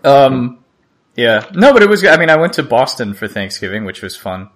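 A man co-hosting a podcast, chatting casually in a rambling, halting way and laughing often. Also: mid-range voice, very animated, fairly bright tone. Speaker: podcast co-host. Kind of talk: casual chat.

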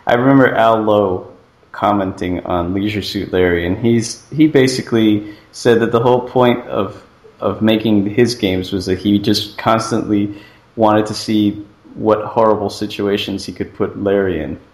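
A man's voice: on the low side, fairly even intonation, moderate pace. A man co-hosting a casual podcast, dry and argumentative, fond of rhetorical questions. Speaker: podcast co-host. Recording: roomy echo.

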